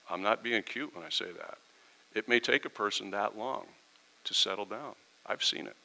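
A man's voice: fairly low pitch, normal speed, vocal fry, pushed and bright, rough recording. A middle-aged pastor giving a conversational sermon, acting out quoted exchanges with his congregation.

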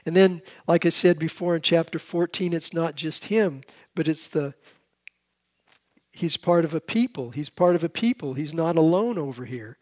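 Male Bible teacher, voice on the high side, casual talk with many restarts. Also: normal speed, a little mellow. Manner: conversational, with frequent restarts. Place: seated, with a drink at hand.

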